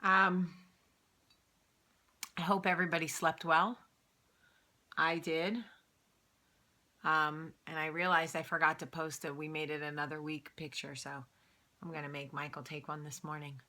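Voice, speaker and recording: Woman, late 30s, low voice, candid and chatty, vlog host. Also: little pitch movement, measured pace, long pauses, sharp tone. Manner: candid, chatty, lots of fillers. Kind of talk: casual chat.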